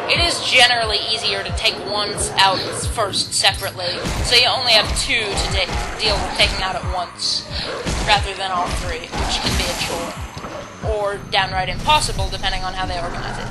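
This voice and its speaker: A woman's voice: mid-range voice, a little fast, poor audio. A woman giving rambling, self-deprecating let's play commentary while she plays a game. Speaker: gamer. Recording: game music underneath.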